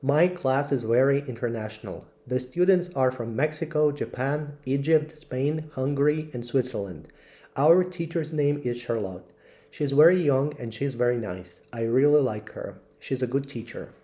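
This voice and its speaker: A man reading English textbook passages aloud for learners, slowly and carefully. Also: mid-range voice, dark tone. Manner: slow, careful read-aloud delivery. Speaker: English teacher.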